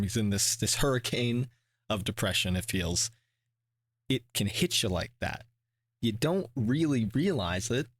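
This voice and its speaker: A man hosting a reaction video, talking in a casual, rambling way with many restarts and fillers, and swearing when he gets animated. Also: medium pitch, dry recording. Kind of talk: casual reflective commentary.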